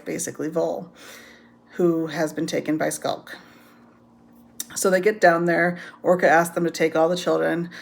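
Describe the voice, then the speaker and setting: Low gravelly woman recapping a book. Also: darkish tone. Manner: rambling, many ums, laughs often. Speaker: book reviewer. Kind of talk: casual spoken book recap.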